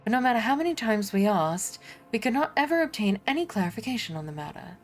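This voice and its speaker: A woman's voice: on the high side, sing-song, fast, voice pushed up. A woman voicing a proud, weary noblewoman in a game, speaking formally and defiantly. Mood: earnest.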